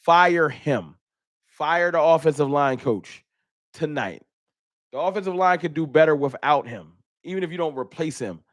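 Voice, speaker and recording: A man's voice: fairly high pitch, lively intonation, moderate pace, no room sound, clean studio sound. A man hosting a casual fan livestream, reading super chats and venting with frustration and bursts of laughter. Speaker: fan channel host.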